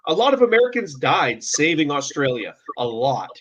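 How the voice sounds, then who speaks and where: A man's voice: fairly high pitch, sing-song, moderate pace, a bit bright. A man from Canada hosting a casual chat, emphatic and repeating words as he starts sentences. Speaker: host. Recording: dull lo-fi audio.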